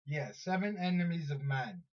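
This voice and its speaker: Guy with a high voice rambling slowly thru a superhero story, lots of restarts, kinda muffled lo-fi audio. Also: expressive. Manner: rambling, halting, many restarts and fillers. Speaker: vlogger counting down superheroes. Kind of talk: casual retelling of a story. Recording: dull lo-fi recording.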